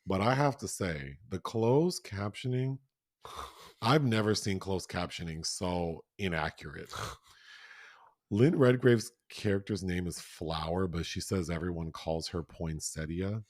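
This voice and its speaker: Animated man reviewing a film. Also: low voice, slow pace, dry recording, studio quality. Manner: animated, laughing, exaggerated outrage. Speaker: podcast co-host. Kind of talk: casual film review chat.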